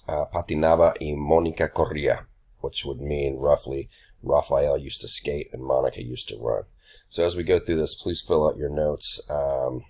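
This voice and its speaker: Young male teacher with a very deep voice, loose and unscripted, plenty of ums. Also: slightly rough. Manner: relaxed, many ums and uhs, says y'all. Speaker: Spanish teacher. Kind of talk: casual recorded grammar lesson.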